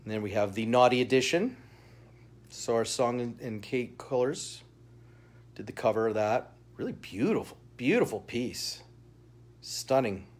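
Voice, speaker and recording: A man's voice: mid-range voice, animated, measured pace. A man hosting a live comic-shop sales stream, chatty and upbeat, greeting chat viewers by name and laughing often. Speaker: shopping show host. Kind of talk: live-stream product showcase.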